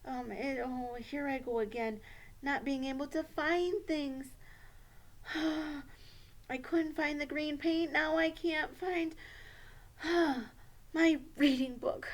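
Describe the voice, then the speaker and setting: A woman's voice: high voice, fairly even intonation, slow, long pauses. A woman voicing an anxious young schoolgirl puppet in a children's puppet show, stammering and squealy. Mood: flustered.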